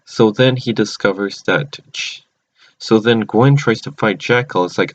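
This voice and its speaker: Lower-voiced man, rambling casual recap host, lo-fi recording. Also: unhurried. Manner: rambling, many restarts. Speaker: channel host. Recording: dull lo-fi recording.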